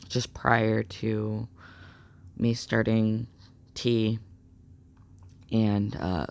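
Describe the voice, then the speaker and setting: A young man telling a story in a casual vlog, rambling and excitable with lots of fillers. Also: lowish voice, creaky. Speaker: vlogger.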